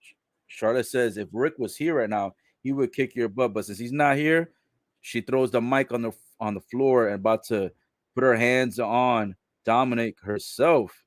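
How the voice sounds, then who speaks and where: Man recapping wrestling, reacting loudly. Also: mid-range voice, normal speed, dry recording, studio quality. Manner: relays quotes, laughs, reacts loudly. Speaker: live wrestling watch-along commentator. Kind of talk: casual play-by-play recap.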